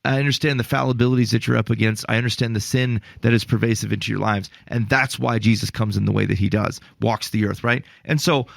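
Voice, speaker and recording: Male podcast co-host, gravelly and mid-range, dry booth sound; animated storyteller with exasperated asides. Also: lowish voice, quick pace, hardly any pauses, no echo. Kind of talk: casual podcast chat on faith.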